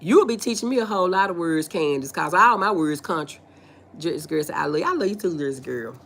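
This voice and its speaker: A fast-talking woman with a voice on the low side and a Southern US accent hosts a relaxed livestream. She reads comments aloud and fires back folksy, playful answers with animated energy and plenty of laughter.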